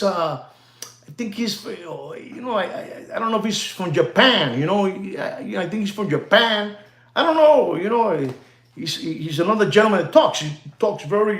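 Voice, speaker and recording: A man's voice: high voice, a bit bright, reverberant. A man, rambling in casual livestream chat with viewers, repeating himself and laughing often. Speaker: watch dealer hosting a livestream.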